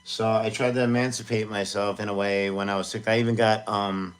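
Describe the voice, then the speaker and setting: Low-voiced rambling man in his forties. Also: flat delivery, a little fast. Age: 40s. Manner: rambling, self-deprecating, many fillers. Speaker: music producer streaming live. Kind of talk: casual livestream chat.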